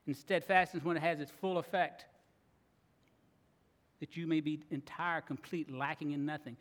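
A man preaching a sermon, earnest and expressive, now and then acting out grumbling voices. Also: a little high, moderate pace. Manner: earnest, acts out grumbling voices, laughs at times. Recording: long reverb of a large hall.

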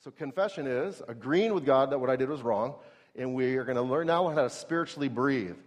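A man's voice: mid-range voice, a little fast. A middle-aged man preaching a sermon in a conversational way, asking the audience questions and acting out everyday scenes.

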